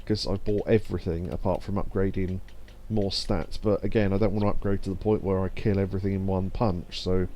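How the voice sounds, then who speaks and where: A man's voice: low-pitched, little pitch movement, fairly quick, hardly any pauses, mellow. A young man casually commenting while streaming a game, chatty and laughing often as he reads game text aloud. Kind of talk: casual let's-play commentary.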